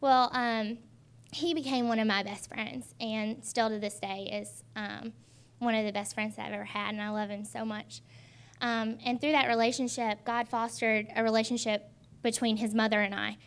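A woman in her twenties telling her personal faith testimony in an earnest, halting way with many pauses. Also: a little high, steady tone, clear, resonant tone. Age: 20s. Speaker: testimony speaker.

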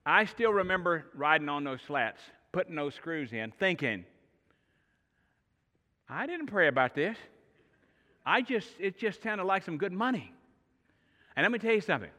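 A middle-aged male pastor preaching with a bright, forceful voice set a little high for a man. He tells his stories in an animated way, speeding up and slowing down. The sound carries the long reverb of a large church hall. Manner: animated storytelling, shifting pace and loudness. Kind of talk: sermon.

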